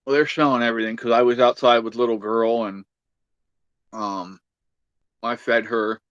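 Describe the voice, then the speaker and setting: A man's voice: mid-range voice, flat delivery, moderate pace, fairly bright tone, smooth, no echo, lo-fi sound. A man hosting a casual livestream chat, easygoing and chatty, reading out viewer comments. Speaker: livestream host.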